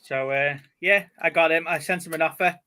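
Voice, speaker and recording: Man, casual host, rambling, bright voice, faint hiss. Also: fairly high pitch, steady tone, fairly quick. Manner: chatty, rambling, laughs easily. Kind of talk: casual chat.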